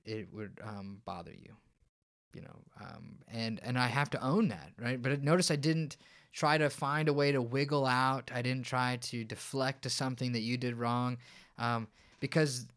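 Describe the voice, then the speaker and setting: Smooth-voiced man explaining steadily. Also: medium pitch, moderate pace, fairly bright tone. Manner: explanatory, storytelling, many restarts. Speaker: counselor guest. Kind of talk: podcast interview.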